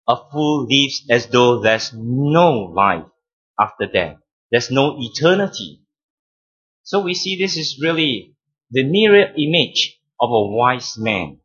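A man preaching a sermon as pastor, teaching deliberately, stressing key words and repeating phrases. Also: medium pitch, fairly bright tone, slightly rough, lo-fi sound.

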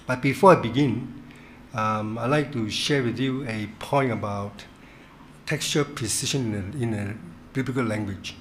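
A man leading a Bible study in a church, teaching in a halting way, repeating words and stressing key words. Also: medium pitch, fairly bright tone, slight background noise.

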